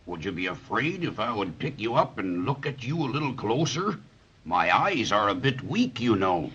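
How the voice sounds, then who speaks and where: An actor playing a kindly, lonely giant in a 1930s radio drama, talking slowly in a breathy, chuckling voice. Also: male voice, lowish voice, big pitch swings, a bit bright, heavily acted. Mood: gentle. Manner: slow, kindly, drawn-out speech. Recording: dull lo-fi old radio recording.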